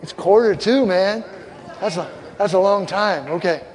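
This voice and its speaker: An older man preaching a sermon as a pastor, telling stories with loud punchlines and soft asides. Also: high-pitched, unhurried. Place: church sanctuary. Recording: long hall reverb, faint crowd ambience.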